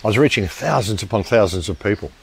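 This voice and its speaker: Aussie guy ranting to his viewers, lowish voice, rambly and emphatic, keeps restarting. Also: lively intonation, fast talker, vocal fry, slightly rough. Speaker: online commentator. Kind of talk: casual monologue to viewers.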